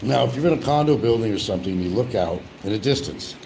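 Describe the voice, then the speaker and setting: A man's voice: lowish voice, lively intonation, fast, vocal fry, background noise. A man talking casually and rambling at home while he eats, grumbling about the news between bites. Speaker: vlogger. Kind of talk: casual eating vlog chat.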